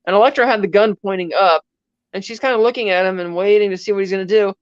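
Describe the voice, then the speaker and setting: A woman's voice: mid-range voice, quick pace, no echo, muffled recording. A woman co-hosting a podcast, animatedly retelling a film scene in casual chat and briefly acting out the characters' lines. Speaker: podcast co-host.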